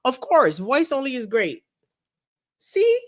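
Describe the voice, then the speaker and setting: A woman hosting a casual livestream, chatting about a lawsuit and reading viewer messages aloud in an animated way. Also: medium pitch, normal speed. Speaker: livestream host.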